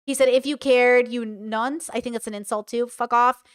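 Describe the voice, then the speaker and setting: A woman talks through a reaction stream in casual commentary. She reads messages aloud and reacts with blunt remarks. Her voice sits a little high, smooth and clear on a close, dry mic. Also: fairly even intonation, moderate pace, no echo.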